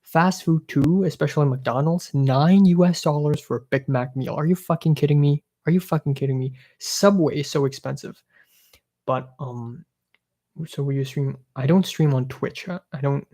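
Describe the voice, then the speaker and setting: A young male live streamer from Hong Kong rants casually, exasperated, sarcastic and swearing freely. His mid-range voice has a darkish tone and moves at a normal speed.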